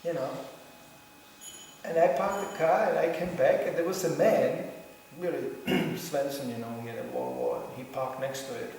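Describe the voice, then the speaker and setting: Man, playful storyteller, slightly high voice, recorded far off in an echoey hall. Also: expressive, normal speed, vocal fry, a little mellow, slight background noise. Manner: storytelling with laughs and acted quotes. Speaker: speaker giving a talk. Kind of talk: humorous spiritual talk.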